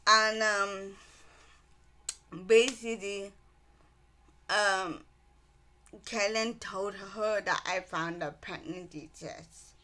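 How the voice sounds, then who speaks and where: Book reviewer, female, unhurried delivery, bright edge; rambling casual recap full of restarts. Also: mid-range voice, fairly even intonation. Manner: rambling retelling with many ums and restarts.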